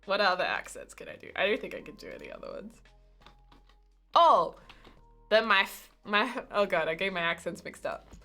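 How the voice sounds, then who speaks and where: A woman's voice: mid-range voice, big pitch swings, moderate pace, creaky, bright, forceful tone, soft background music. A young Australian woman with an Australian accent, chatting playfully and giggling with viewers during a live game stream. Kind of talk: casual live-stream chat.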